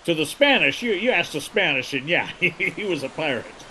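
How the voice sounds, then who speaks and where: A man being interviewed, telling stories in an animated way and laughing easily in casual chat. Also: a little high, moderate pace, slight background noise, low-quality recording. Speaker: guest, pirate holiday co-founder.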